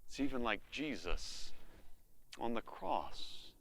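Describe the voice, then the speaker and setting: American man, pastor, sermon, slow delivery, bright tone, lively pitch. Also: gravelly. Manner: expressive preaching with acted-out inner voices.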